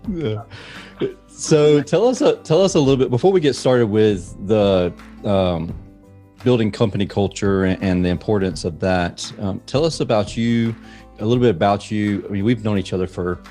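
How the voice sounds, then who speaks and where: A man hosting a podcast, chatting casually and warmly with many ums and uhs. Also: fairly low pitch, moderate pace, soft background music. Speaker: podcast host.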